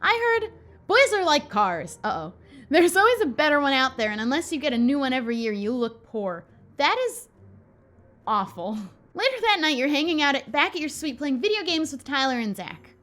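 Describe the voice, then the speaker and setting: A bubbly, jokey woman hosts a story game playthrough and laughs easily between lines. Her voice sits high and swings widely in pitch, with a faint music bed under it. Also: big pitch swings, normal speed, a bit bright. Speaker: gaming video host.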